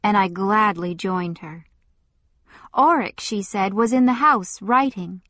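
A woman reads a novel aloud in a measured, deliberate way. Her voice sits a little high and she takes her time with every phrase. The recording is dry and close. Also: fairly bright tone, no echo. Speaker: audiobook narrator. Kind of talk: scripted narration.

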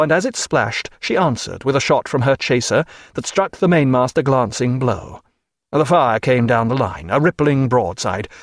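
A man reading an audiobook with steady, vivid storytelling. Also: medium pitch, dry recording, studio quality. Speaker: narrator. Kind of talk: audiobook narration.

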